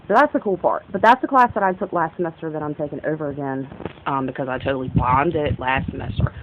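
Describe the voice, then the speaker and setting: A woman's voice: low-pitched, animated, moderate pace, poor audio. A young woman from the northern United States talking in a rambling, casual vlog monologue, often jumping between topics and interrupting herself. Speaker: vlogger.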